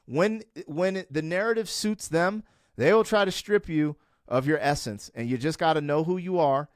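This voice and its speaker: A middle-aged man talking candidly as a guest in a conversation, emphatic and animated, climbing to fervent peaks as he rants. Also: on the high side, no room sound, clean studio sound. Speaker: podcast guest.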